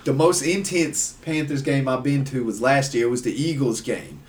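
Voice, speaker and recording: A man telling rambling, animated stories in casual chat, full of fillers. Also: medium pitch, normal speed, distant mic. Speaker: guest. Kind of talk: casual storytelling.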